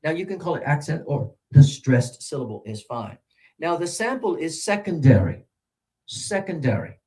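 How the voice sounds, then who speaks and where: An older American man teaching English pronunciation, drawing out example words and swinging between loud and soft. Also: fairly high pitch, big pitch swings, normal speed.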